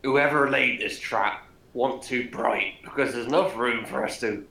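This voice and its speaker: A man's voice: medium pitch, measured pace, creaky, sharp tone. A man playing in a tabletop game, bantering bluntly and jokily in character over a video call. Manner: blunt, jokey, a bit brash. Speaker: player. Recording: echoey room with faint background noise.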